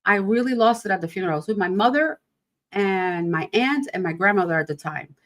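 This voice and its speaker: A woman in her fifties hosts a podcast, chatting casually about grief in a rambling, emphatic style packed with rhetorical questions. Her voice sits at a medium pitch and sounds animated and fairly bright, and she talks a little fast.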